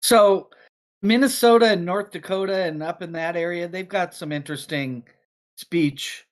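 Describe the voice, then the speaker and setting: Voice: medium pitch, normal speed. Curious speaker in casual chat. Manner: curious, asks questions. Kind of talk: casual chat among friends.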